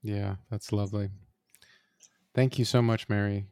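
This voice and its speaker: Chill guy host, kinda low and flat, smooth dry sound. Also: a little slow, no room sound. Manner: calm, brief and polite. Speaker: podcast host. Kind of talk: interview questions.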